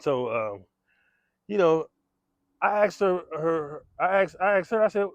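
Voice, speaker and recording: A man's voice: high-pitched, expressive, measured pace, dry recording. A man telling a true story in casual street style, slangy and profane, acting out gunshots and the voices of others.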